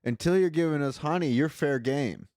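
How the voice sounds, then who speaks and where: A man's voice: fairly high pitch, moderate pace, darkish tone, dry recording, studio quality. A man making wry quips in casual chat as a podcast co-host.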